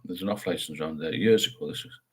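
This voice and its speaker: A man's voice: rumbling low, fast talker, slightly rough. An older man hosting a casual live chat, talking frankly and rambling, often ending with tag questions. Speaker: livestream host. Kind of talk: casual live chat, reading viewer comments.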